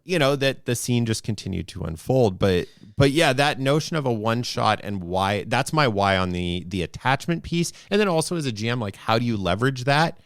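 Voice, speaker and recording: A man's voice: mid-range voice, expressive, a little fast, hardly any pauses, no room sound. A man co-hosting a podcast as game master, talking in a rambling, thoughtful way into a close mic. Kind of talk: casual podcast discussion.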